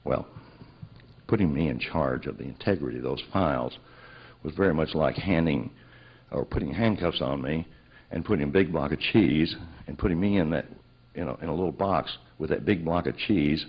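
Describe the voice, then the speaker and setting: Very deep gravelly guy telling old stories, husky, dull lo-fi sound. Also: moderate pace. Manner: storytelling, acting out both sides of remembered dialogue. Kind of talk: telling a personal story. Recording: dull lo-fi recording.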